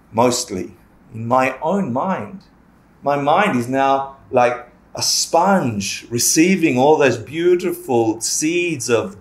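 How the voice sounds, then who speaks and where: A man teaching a casual Buddhist class, joking, swearing and acting out little scenes as he explains. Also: mid-range voice. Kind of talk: lively casual dharma class. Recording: echoey room.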